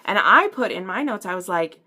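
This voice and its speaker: A woman from the American Midwest chatting through an episode recap, talkative and animated, full of fillers and acted-out quotes. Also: mid-range voice, a little fast. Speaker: book and TV reviewer. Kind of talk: casual recap and review.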